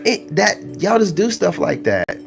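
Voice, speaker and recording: A man's voice: high voice, very animated, measured pace, creaky, faint music behind. Preachy, blunt man with a raised voice. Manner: preachy, blunt, repeats lines for emphasis; slangy, conversational. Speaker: spiritual self-help vlogger. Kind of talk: ranting monologue to viewers.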